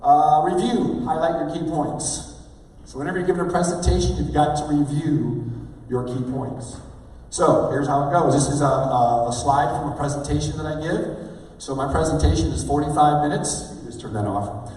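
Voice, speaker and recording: A man giving an energetic motivational talk on stage, calling for replies from the audience. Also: on the high side, moderate pace. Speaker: motivational speaker. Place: large hall with a live audience. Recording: echoey hall, mic at a distance.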